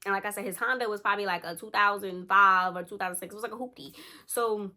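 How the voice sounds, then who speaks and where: Young woman vlogger telling a scary story, chatty and animated, keeps saying y'all. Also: mid-range voice, fast talker. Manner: animated, slangy, addresses listeners as y'all. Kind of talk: casual storytelling to viewers.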